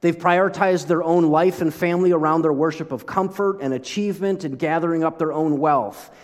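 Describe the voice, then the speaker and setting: A man preaching a sermon as pastor, conversational and animated, often breaking off and restarting his sentences. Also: fairly high pitch, brisk, big-room sound. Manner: conversational, animated, self-interrupting.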